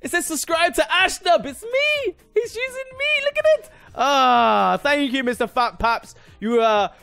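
An excitable young man chatters through a game, his high voice leaping up and down. He jokes, talks back to the game and praises its maker. The sound is close and dry. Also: no room sound. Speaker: gaming YouTuber. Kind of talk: casual gameplay commentary.

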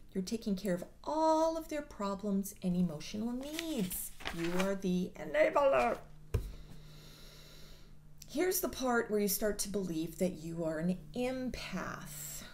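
Blunt, profane woman vlogger, lively pitch. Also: slight background noise. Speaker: mental health vlogger. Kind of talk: casual monologue.

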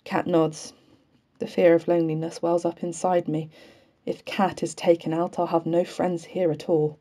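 A woman reads a novel aloud in a low, mellow voice. Her delivery is measured and fairly flat, and she leaves small slips in. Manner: measured, unhurried, with occasional slips left in. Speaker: audiobook reader. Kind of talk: audiobook reading of a novel.

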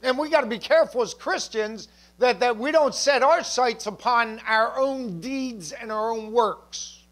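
A man with a notably high voice delivers a sermon as a pastor in church. His preaching is conversational and relaxed, full of asides and light jokes to the congregation. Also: moderate pace.

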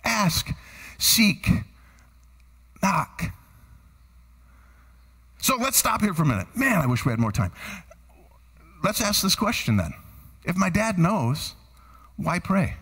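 A man preaching a sermon as pastor, quizzing the congregation with lively shouts and then dropping to hushed, earnest tones. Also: sits high, normal speed, long pauses, breathy edge, in a large hall. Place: church sanctuary.

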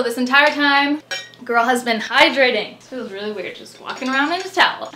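A woman's voice: a little high, pushed and bright. A young woman chatting casually to viewers in a vlog, upbeat and direct. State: out of breath at times. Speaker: vlogger.

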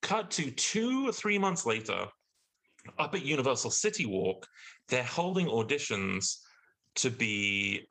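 A British man, a guest actor on a podcast, telling an animated story and acting out the exchanges he quotes. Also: medium pitch, unhurried, poor audio. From Britain.

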